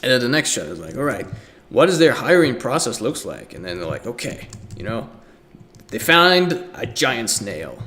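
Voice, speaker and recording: A man's voice: medium pitch, very animated, normal speed, pushed and bright. A young man giving a casual art lecture, talking loosely with many fillers and breaking into acted voices and sound effects.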